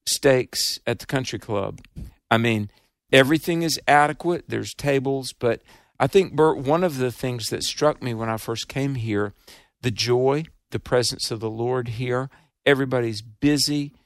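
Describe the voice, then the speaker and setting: A man's voice: medium pitch, dry recording, studio quality. A man with a Southern accent, hosting a radio ministry fundraiser in an earnest, emphatic, preacherly way.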